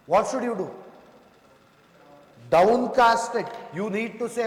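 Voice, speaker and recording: High-voiced male coding instructor, echoey room. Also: takes it slowly. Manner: talks students through code step by step, asking checking questions; addresses students as "sir" and "boss". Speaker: programming instructor. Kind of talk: live coding lecture. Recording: echoey room with long reverb.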